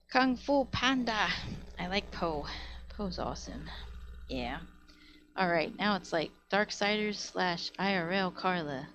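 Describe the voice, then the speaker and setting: A woman streamer casually telling stories to her live chat, rambling and full of fillers like "like", recorded on a webcam or desk mic at home. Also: lowish voice. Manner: rambling, filler-heavy with frequent "like".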